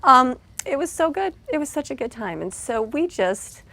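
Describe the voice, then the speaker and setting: A woman's voice: high voice, big pitch swings, moderate pace, vocal fry, sharp tone. A middle-aged woman talking in a casual vlog, earnest and emotional, rambling with many restarts and heartfelt thanks. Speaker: vlogger and mother.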